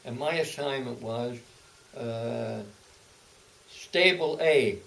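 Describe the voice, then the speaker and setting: A man's voice: mid-range voice, gravelly, a bit bright, far from the mic, rough recording. Brief: old man in his eighties, oral-history storyteller, stop-start delivery, mic set back with faint hiss. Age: 80s. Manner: halting, repeats words and restarts, then speeds up. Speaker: interviewee, veteran. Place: home, indoors.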